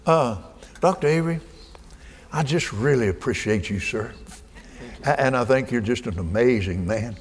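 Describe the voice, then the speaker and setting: An older man preaching a sermon in a folksy way, dropping to soft murmurs and rising to shouts. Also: medium pitch, expressive, normal speed, long pauses, slight background noise. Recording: hall reverb, faint ambience.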